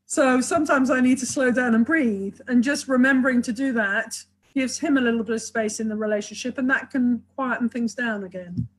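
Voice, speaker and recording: A couples therapist speaks in a webinar, her voice a little higher than most women's. She is enthusiastic and talkative, piling up examples as she explains. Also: brisk, husky, low-quality recording. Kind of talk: webinar talk.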